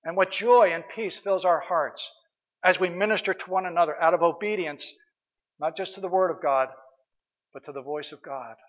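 A man's voice: sits high, normal speed, lo-fi sound. A man preaching a sermon as pastor, earnest and questioning, sometimes hesitating and restarting.

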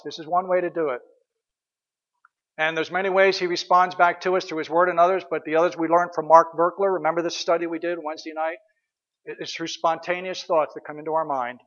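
A man's voice: on the high side, steady tone, fairly quick, a bit bright, dull audio. A man preaching a sermon, asking his listeners questions and repeating short prayers over and over.

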